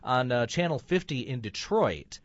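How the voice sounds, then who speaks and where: A man's voice: mid-range voice, big pitch swings, moderate pace, no room sound. A middle-aged man from Michigan hosting a radio show, casual and teasing. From Flint, Michigan. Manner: jokey, teasing. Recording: dry, dull radio sound.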